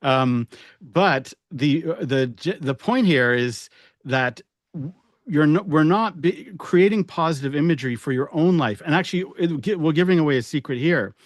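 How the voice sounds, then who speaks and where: A man's voice: on the high side, expressive, moderate pace, no room sound, clean studio sound. A man hypnotherapist in casual podcast conversation, explaining ideas with playful asides and a few restarts.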